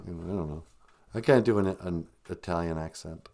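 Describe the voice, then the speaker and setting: A man's voice: low voice, steady tone, normal speed, pauses often, dark tone. A man hosting a live-stream comedy podcast, rambling sarcastically with lots of fillers. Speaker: podcast host.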